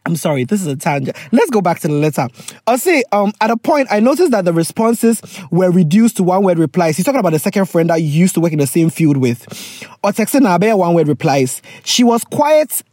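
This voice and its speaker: A woman, hosting and reading out a listener's letter with casual advice, animated and laughing, often slipping into pidgin. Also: on the low side, fast, no echo, studio quality.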